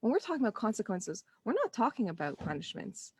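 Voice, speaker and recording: A woman's voice: mid-range voice, very animated, fast talker, a little mellow, slightly rough, no echo. A woman, maybe in her thirties, talking earnestly and conversationally to parents in a live online session, often restarting her sentences and acting out her own inner thoughts. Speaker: parenting coach.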